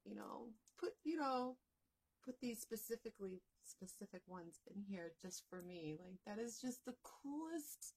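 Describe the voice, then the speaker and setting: A woman vlogging as she unboxes a crochet gift, gushing and excitable, often repeating herself. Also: mid-range voice, unhurried, slightly rough. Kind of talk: unboxing vlog.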